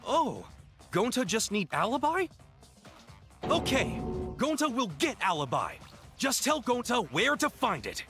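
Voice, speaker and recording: An actor voicing a big, gentle, simple-minded man who speaks broken English and calls himself by his own name, heard from game audio with faint music. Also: very high voice, huge pitch swings, unhurried, long pauses, exaggerated voice. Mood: earnest.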